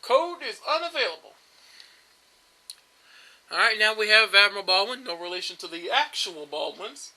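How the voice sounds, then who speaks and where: Bright-voiced young man narrating gameplay. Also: high-pitched, fairly quick, hardly any pauses, poor audio. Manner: rambling, chatty, with frequent fillers and restarts. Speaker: gameplay commentator. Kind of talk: casual let's-play commentary.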